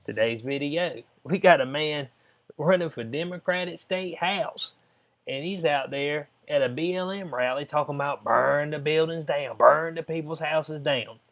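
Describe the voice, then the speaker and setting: A man hosting his own channel, talking straight to viewers in a slangy, animated, mocking commentary style. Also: on the high side, normal speed, dull audio. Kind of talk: casual reaction commentary.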